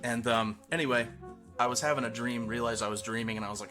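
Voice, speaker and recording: A man's voice: medium pitch, steady tone, quick pace, over music. A young man streaming, telling rambling crude stories to his chat, laughing often and trailing off. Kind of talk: rambling casual storytelling to a live chat.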